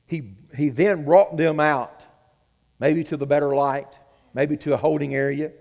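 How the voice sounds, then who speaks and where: A man's voice: on the high side, fairly even intonation, measured pace, gravelly, a little mellow, long reverb tail. A man preaching a sermon as pastor, earnest and conversational, asking the congregation questions.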